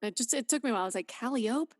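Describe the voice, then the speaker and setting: A woman from Idaho, a guest in a casual podcast chat, talking in a chatty, animated way. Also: mid-range voice, racing, dry recording, studio quality, long reverb tail. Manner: chatty and animated, slides into voices. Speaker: guest narrator.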